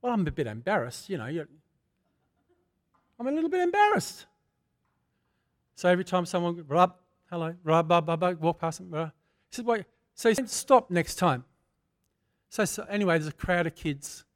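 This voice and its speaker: An older man preaching a sermon, moving from prayer into a personal testimony told in a fervent, conversational way that swells to loud bursts. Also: sits high, big pitch swings, normal speed, pauses often. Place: church.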